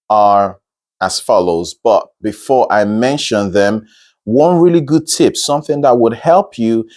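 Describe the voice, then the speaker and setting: A male singing coach talks through pronunciation at an unhurried pace, his pitch swinging widely as he stresses each point. He explains patiently, repeats key words and slips into brief sung demonstrations. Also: darkish tone. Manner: repeats words slowly and breaks into sung examples. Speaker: singing teacher. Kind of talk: instructional talk.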